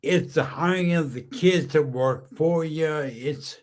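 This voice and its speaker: A man's voice: on the high side, takes it slowly, a little mellow. A man hosting a podcast interview, enthusiastic and full of praise for his guest. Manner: enthusiastic, complimentary. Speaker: podcast host. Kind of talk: casual interview.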